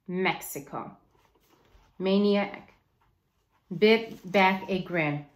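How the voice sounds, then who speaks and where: Slow-reading woman teacher, roomy sound. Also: medium pitch. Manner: slow, expressive storytelling. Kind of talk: reading a novel aloud.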